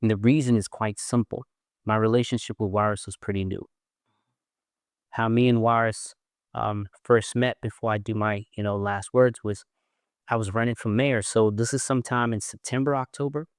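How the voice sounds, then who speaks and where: A man's voice: fairly low pitch, moderate pace, smooth, dry recording, clean studio sound. A South African man, a guest and former mayoral candidate, telling stories in a casual interview and mimicking other people's voices. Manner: animated storyteller who mimics other voices.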